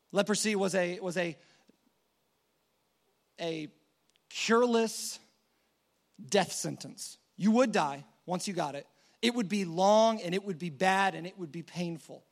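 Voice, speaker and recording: A man's voice: high-pitched, a little slow, long pauses. A man preaching a sermon in a casual, conversational storytelling manner.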